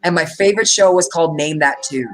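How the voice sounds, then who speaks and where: A middle-aged woman chatting on a live stream, telling animated stories and laughing often. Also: low-pitched, fast, rough recording. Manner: animated storyteller, acts out quotes, laughs a lot. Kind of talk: casual chat.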